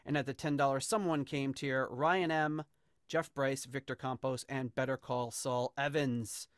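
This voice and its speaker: A man's voice: medium pitch, unhurried, no room sound, studio quality. A man hosting a podcast, talking casually and animatedly with plenty of fillers. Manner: chatty, animated, with frequent fillers. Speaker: podcast host.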